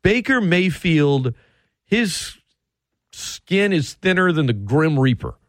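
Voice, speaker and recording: A man runs a heated sports radio rant, sarcastic and emphatic. His fairly high voice swoops all over as he drives his points home, and the studio sound is close and dry. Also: big pitch swings, slow, no echo.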